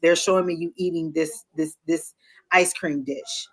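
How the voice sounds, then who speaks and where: A woman with a fairly low voice gives a live psychic reading. She talks in an animated, emotional way and quickly shares each impression as it comes. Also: breathy edge. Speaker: tarot reader.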